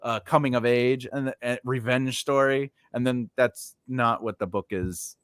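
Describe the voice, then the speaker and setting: A man's voice: mid-range voice, fairly even intonation, a little slow, fairly bright tone, clean tone, dry recording, clean studio sound. A man hosting a casual chat over a video call, telling rambling stories full of fillers and restarts. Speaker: podcast host.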